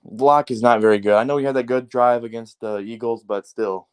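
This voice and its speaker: A man rants about football in a loose, casual way, swearing freely and tossing in "like" and "man". His pitch sits in a middle range. He sounds heated and animated, with plenty of stumbles and restarts. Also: fairly quick, clear, resonant tone. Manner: profane, heated, animated ranting with frequent fillers. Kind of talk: casual sports rant.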